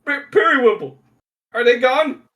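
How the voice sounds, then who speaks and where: A man's voice: very high-pitched, expressive, moderate pace, a bit bright, distant mic, voice pushed up. Man doing a cowering, stammering shopkeeper. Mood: panicked. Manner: stammering, pleading, near tears. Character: terrified whimpering male shopkeeper. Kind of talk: tabletop game voice acting.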